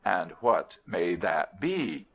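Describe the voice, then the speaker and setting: A man's voice: low voice, sing-song, slow pace, full character voice. A man voicing a young male lion who talks in a polite, eager, curious way. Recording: dull lo-fi recording.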